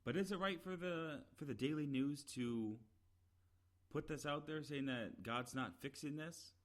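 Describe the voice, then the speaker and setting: This podcast commentator speaks in a fairly high, slightly slow voice as he rambles through his opinions alone. Frequent "uh" fillers, restarts, and exasperated, emphatic repetition run throughout.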